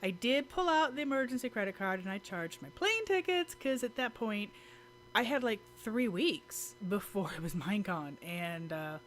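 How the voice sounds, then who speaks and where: An American mom vlogs casually to her camera mic, chatty and giggly, full of fillers and restarts. Her medium-pitched voice is expressive and fairly bright, at a normal speed, with a little hiss or hum.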